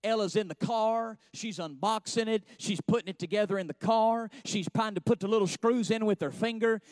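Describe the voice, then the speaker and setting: A man's voice: high-pitched, dry recording, clean studio sound. A man, preaching a sermon in a church with folksy storytelling that rises to fervent passages.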